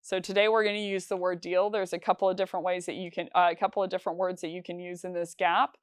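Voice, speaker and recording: A woman's voice: lowish voice, flat delivery, quick pace, clean tone, no room sound, studio quality. A woman teaching sales calls in a conversational, instructional talk, with frequent fillers and restarts. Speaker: sales trainer.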